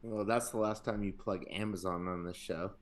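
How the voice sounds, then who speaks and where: A man hosting a podcast in casual chat, excitable and crude, laughing into his own words. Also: lowish voice, moderate pace. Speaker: podcast host.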